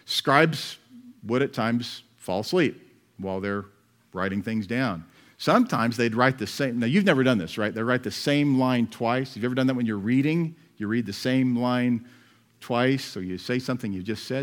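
A man's voice: mid-range voice, expressive, moderate pace. Conversational male pastor preaching. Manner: conversational preaching with rhetorical questions and asides. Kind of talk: expository sermon.

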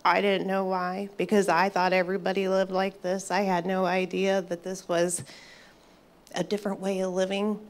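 A woman in her fifties giving a personal faith testimony to an audience, earnest and reflective, pausing and restarting as she speaks. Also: medium pitch, flat delivery. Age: 50s.

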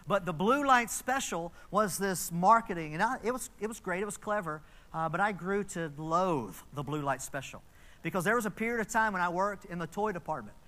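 A man's voice: high-pitched, animated, a little fast, pushed and bright. A man in his fifties preaching a conversational sermon in a church, telling stories with asides to the congregation. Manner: chatty storytelling with asides to the congregation. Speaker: pastor.

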